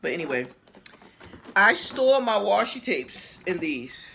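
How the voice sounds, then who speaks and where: A woman chatting casually to her viewers in a haul video, lively and exclamatory, talking straight to the camera and sometimes while chewing. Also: medium pitch, slow pace, vocal fry, a little hiss or hum. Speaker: haul vlogger. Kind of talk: casual haul vlog chat.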